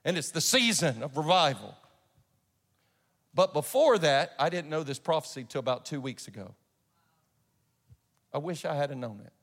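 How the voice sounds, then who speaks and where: A man's voice: fairly high pitch, lively intonation, normal speed, long pauses, a bit bright, in a large hall. A man preaching a sermon and telling a personal story in an earnest way, often restarting his sentences. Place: church sanctuary.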